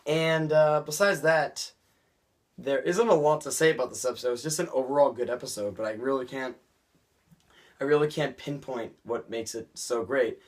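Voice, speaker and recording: Young dude rambling about a cartoon ep, casual and chatty, middle pitch. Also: male voice. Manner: rambling, chatty, many fillers and restarts. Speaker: vlogger reviewing cartoon episodes. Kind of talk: casual episode review vlog.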